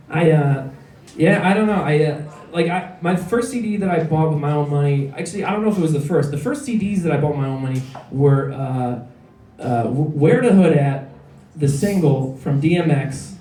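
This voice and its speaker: A man in his thirties from Illinois, USA, performs a rambling, self-deprecating stand-up set full of filler words, captured from a distance in a comedy club. His voice is a little high and warm, at a moderate pace, in an echoey room.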